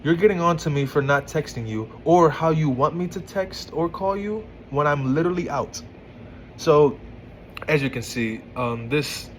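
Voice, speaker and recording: Male commentator, casual and incredulous, restarts often, average pitch, faint ambience behind. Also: a little hiss or hum, poor audio. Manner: exasperated, stammering restarts, incredulous. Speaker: commentator reading text messages.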